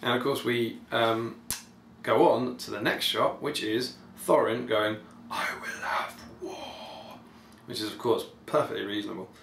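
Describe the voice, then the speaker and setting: A man's voice: medium pitch, fairly even intonation, moderate pace, gravelly, a bit bright. A man hosting a podcast, giving casual, rambling and enthusiastic commentary full of ums. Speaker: podcast host. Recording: echoey room, faint background noise.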